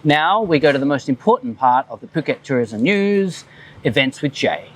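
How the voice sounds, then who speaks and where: A man co-hosting a local tourism news show who keeps the segments moving with dry remarks. His voice sits slightly high for a man. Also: lively intonation, moderate pace. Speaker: co-host. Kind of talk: casual news show chat.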